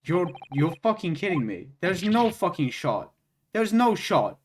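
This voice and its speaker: A man streaming a video game, reacting out loud with swearing, laughter and shrieks of excitement. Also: high-pitched, measured pace, slight background noise.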